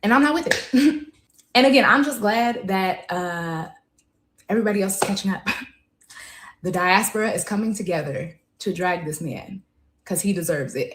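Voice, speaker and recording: A woman's voice: mid-range voice, a bit bright, slight background noise. Woman, emphatic, conversational, echoey room. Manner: emphatic, conversational, drawn-out stresses. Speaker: commentator. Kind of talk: casual commentary to camera.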